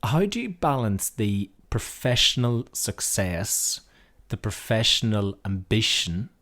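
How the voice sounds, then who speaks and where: A man hosting an interview podcast speaks in a low voice. He is earnest and measured, mostly listening with short murmurs before offering his own thoughts at length. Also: very animated, fairly bright tone. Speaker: podcast host. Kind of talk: conversational interview.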